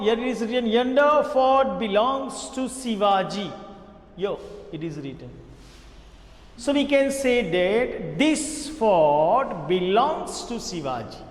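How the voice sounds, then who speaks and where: A high-pitched man with an Indian English accent lectures on grammar in a classroom. He explains step by step with plenty of examples and repeats the key words. The room is echoey, with a long reverb trailing behind his voice.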